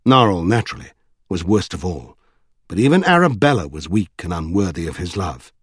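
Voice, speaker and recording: A man's voice: deep voice, big pitch swings, slightly rough, no echo, studio quality. Man reading a novel aloud. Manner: measured storytelling. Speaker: audiobook narrator. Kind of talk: scripted narration.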